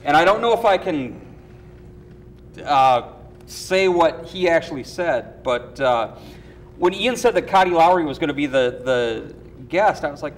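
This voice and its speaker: A man with a slightly raised pitch tells his stories in a dry, deadpan way, dropping into quick impressions of the people he quotes. A faint rumble of background noise sits under his voice. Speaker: cast member of a comedy show. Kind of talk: casual storytelling.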